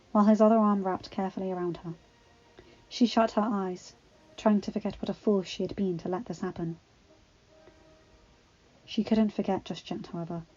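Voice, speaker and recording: A woman reading fan fiction aloud in a steady, earnest storybook narration. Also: mid-range voice. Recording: slightly dull, faint background music.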